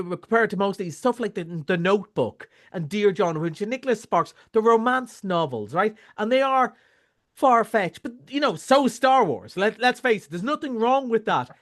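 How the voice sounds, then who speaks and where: A man's voice: high voice, animated, moderate pace, a bit bright. An Irish man chatting casually as a film reviewer, rambling with many restarts. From Ireland. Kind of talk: casual chat.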